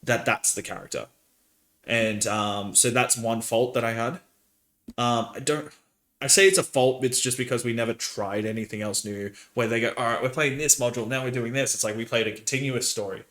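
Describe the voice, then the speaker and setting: A man's voice: mid-range voice, brisk. Man telling stories, roomy sound. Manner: rambling, animated storytelling with laughs. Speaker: podcast host and dungeon master. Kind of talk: casual podcast chat.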